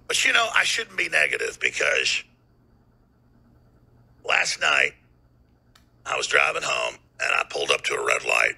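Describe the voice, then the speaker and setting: A raspy, heavily gravelly man rants on his talk radio show, his voice tense and forceful. He swings wildly between low growls and high bursts, often breaking into shouts. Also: huge pitch swings, measured pace, long pauses. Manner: fiery, ranting, bursts of shouting. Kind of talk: heated talk radio monologue.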